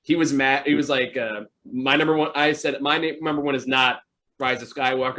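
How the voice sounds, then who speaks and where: A man's voice: medium pitch, steady tone, fast, pushed and bright. Male podcast host, casual rambling storyteller, filler-heavy. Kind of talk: casual chat.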